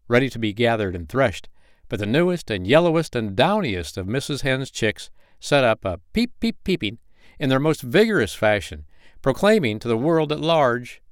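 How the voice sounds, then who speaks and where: A man reading a bedtime story aloud as a podcast host, with gentle, expressive storybook narration. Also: mid-range voice, dry recording, clean studio sound.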